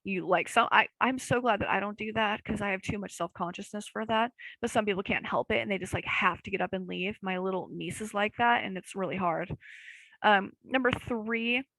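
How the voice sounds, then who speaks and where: A woman's voice: mid-range voice, brisk, gravelly, bright, forceful tone, dry recording, rough recording. A young woman hosting a podcast, talking in a rambling, casual way with lots of fillers and self-deprecating asides. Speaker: podcast host. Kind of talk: casual chat.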